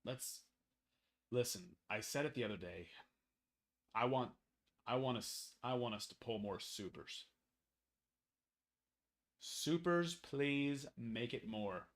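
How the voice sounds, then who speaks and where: Unhurried man chatting on a live stream. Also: medium pitch, lively intonation. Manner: chatty, playful, coos gently to a child. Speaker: card break host. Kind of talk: casual live-stream chat.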